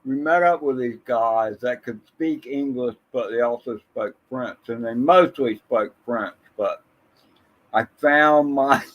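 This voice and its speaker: Slow, rambling man on a livestream. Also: mid-range voice, muffled recording. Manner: slow, rambling, reminiscing storyteller; greets viewers from the chat by name. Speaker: drone channel livestream host. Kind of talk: casual livestream chat with viewers.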